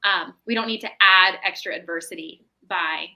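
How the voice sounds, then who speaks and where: A woman's voice: fairly low pitch, moderate pace, sharp tone, poor audio. A woman, a mental health professional appearing as a podcast guest, talking in a reflective, explanatory way and often checking in with "right?". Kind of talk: casual podcast chat.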